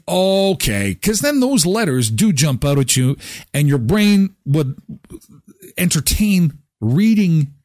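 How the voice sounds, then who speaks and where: A man's voice: a little high, no room sound, studio quality. A middle-aged man hosting a live daily show, chatting casually in a jokey, self-deprecating way. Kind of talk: casual chat.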